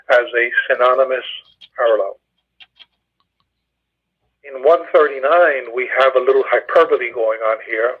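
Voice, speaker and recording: Guy calling in over a tinny phone line, husky voice, explaining psalm grammar, lots of ums and restarts. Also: mid-range voice. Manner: halting, with many fillers and restarts. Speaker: Bible study teacher.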